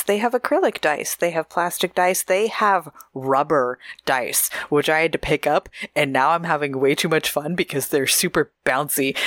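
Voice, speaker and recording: A woman co-hosting a podcast in casual chat, giggly and chatty, reading out shout-outs and promos. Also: deep voice, no room sound, studio quality. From Oregon, USA. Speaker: podcast co-host.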